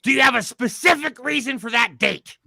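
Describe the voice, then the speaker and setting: Brief: blustering mock TV host, bright, sharp, gravelly. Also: male voice, extremely high pitch, a little fast, no room sound, full character voice. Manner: loud, blustering, pushy. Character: brash adult male TV panel host. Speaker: comic news panel host. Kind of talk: comedy sketch, mock panel show.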